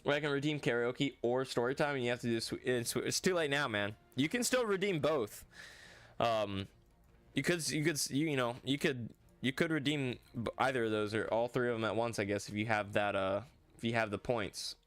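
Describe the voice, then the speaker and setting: A streamer chatting casually while playing, rambling in a relaxed way with lots of restarts. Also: medium pitch, normal speed, dry recording, soft background music. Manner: rambling and laid-back, lots of restarts and laughs. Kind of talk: casual livestream chat while gaming.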